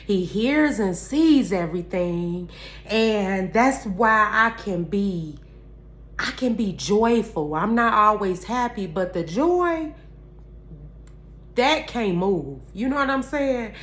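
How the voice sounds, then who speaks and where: Slow, emphatic woman giving a faith talk. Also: medium pitch, lively intonation. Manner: emphatic, repeats phrases like a preacher; candid, addresses viewers directly as y'all. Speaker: vlogger. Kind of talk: heartfelt faith-based motivational talk.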